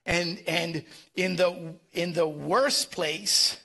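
A man's voice: high-pitched, steady tone, very slow, gravelly, bright, forceful tone. A man preaching a sermon, emphatic and repeating words as he presses his points. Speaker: pastor.

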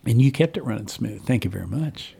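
A man's voice: mid-range voice, lively intonation, a little fast, vocal fry, warm tone, a little hiss or hum. A man hosting a community radio show from the studio, talking casually and enthusiastically in a rambling way. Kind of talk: casual on-air radio talk.

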